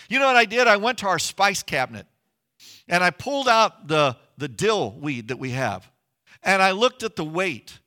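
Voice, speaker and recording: Middle-aged guy preaching, fairly high voice, earnest and chatty, gets emphatic. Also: lively intonation, moderate pace, bright, forceful tone. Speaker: pastor. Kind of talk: sermon.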